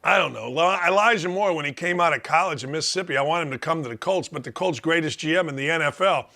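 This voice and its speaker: A man's voice: a little high, fast, bright, forceful tone. A middle-aged man hosting a sports talk show, delivering a brash, sarcastic monologue and mocking the people he talks about.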